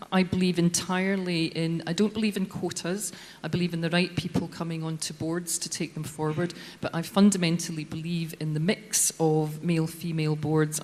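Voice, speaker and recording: A woman speaking as a panellist in a debate, assured but often hesitating. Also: low-pitched. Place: large hall. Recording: long hall reverb.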